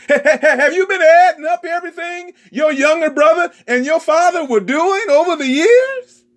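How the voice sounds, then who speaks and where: A man delivers a sermon with a high, swooping voice that rises and falls widely. He moves slowly and deliberately, stammering through repeats. He keeps prodding his listeners with questions. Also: expressive. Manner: rhetorical, prodding the crowd with repeated "huh?"; stammering repetitions, bursts of shouting. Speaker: preacher.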